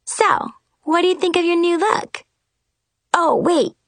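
A woman voicing a bubbly young fairy godmother who is bossy and flustered, with a high, chirpy delivery. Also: a little slow, dry recording.

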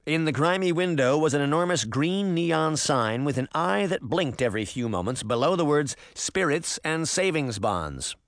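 A man narrating a story as an audiobook, with expressive storytelling. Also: on the high side, moderate pace, few pauses, no echo, clean studio sound.

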